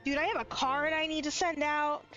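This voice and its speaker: A woman's voice: high voice, steady tone, fairly quick, bright, forceful tone, dull audio, soft background music. A woman livestreamer chatting candidly and casually while playing a video game, cursing now and then. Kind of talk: casual live stream commentary.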